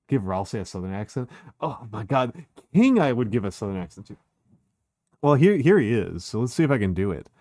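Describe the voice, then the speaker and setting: A man's voice: fairly low pitch, big pitch swings, brisk, warm tone. A man streaming a video game, chatting casually, rambling and self-deprecating, swearing freely. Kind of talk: casual gameplay chat.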